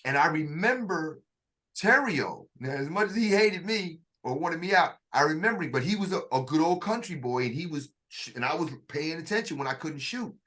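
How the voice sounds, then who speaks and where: A man casually telling a story in conversation, animated and full of slang, with vocal sound effects. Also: a little high, normal speed. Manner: uses slang and restarts. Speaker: storyteller in a two-man dialogue.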